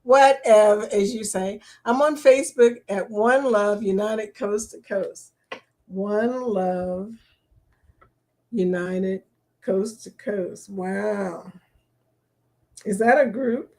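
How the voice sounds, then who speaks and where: A woman's voice: mid-range voice, slow pace, pauses often, a little mellow. A middle-aged woman, hosting a casual livestream chat, reading viewer comments aloud and laughing often.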